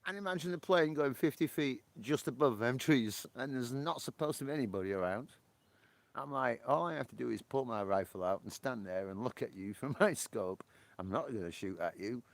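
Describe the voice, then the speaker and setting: A man from Britain, hosting a casual livestream chat, laughing often and swearing in excitable outbursts. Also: medium pitch, a little fast, no echo. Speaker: livestream host. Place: porch, outdoors.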